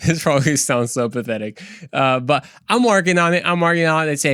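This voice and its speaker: A young man hosting a podcast, talking casually about faith in an energetic, preachy and joking way. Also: on the high side, brisk, clean tone, no room sound, clean studio sound. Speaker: podcast host.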